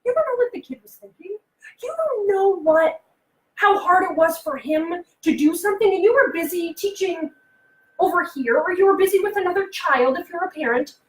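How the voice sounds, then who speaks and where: A woman coaching parents in a casual, animated talk, often acting out what kids say and asking the listener questions. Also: very high-pitched, normal speed, echoey room, low-quality recording. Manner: animated, acts out kids' voices, asks the listener questions. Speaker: behavioral consultant and life coach.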